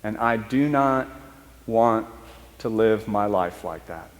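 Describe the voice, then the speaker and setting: A man preaching a storytelling sermon, talking in a conversational, halting way and slowing down for emphasis. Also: lowish voice, big-room sound. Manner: conversational, halting restarts, speeds up and slows for emphasis. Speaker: priest. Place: church.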